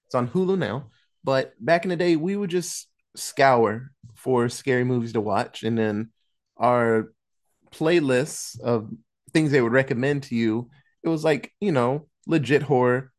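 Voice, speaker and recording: A man's voice: mid-range voice, darkish tone. A man hosting a horror movie podcast in a loose, casual way, swearing freely and laughing. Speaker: podcast host.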